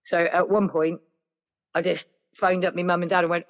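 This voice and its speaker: A woman's voice: fairly low pitch, little pitch movement, normal speed. A woman telling a personal story in a rambling, chatty way, full of "like" and "yeah". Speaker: podcast guest. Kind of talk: casual storytelling.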